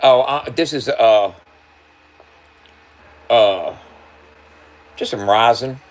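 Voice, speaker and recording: A man's voice: medium pitch, extremely slow. A man livestreaming and talking loosely to his chat, swearing freely and laughing often. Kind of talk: casual livestream banter.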